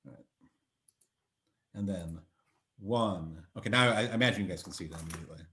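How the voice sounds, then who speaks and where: A man's voice: low voice, fairly quick, sharp tone, a little hiss or hum. A man giving a university lecture over a video call, chatty and thinking aloud with many fillers and restarts. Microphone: computer mic on video call.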